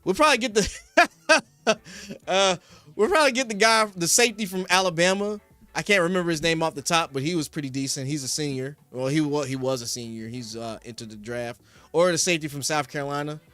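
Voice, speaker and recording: A man's voice: on the high side, a little fast, fairly bright tone, no room sound. A young man from Philadelphia hosting a casual sports show, rambling through talk and answering his live chat, and now and then working himself up into heated rants. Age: young adult. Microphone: studio podcast mic.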